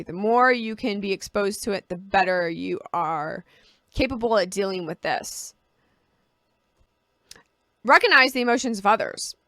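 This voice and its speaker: A woman's voice: mid-range voice, pushed and bright, no room sound, clean studio sound. A woman vlogger talking casually to camera, giving personal advice and explaining with homely analogies.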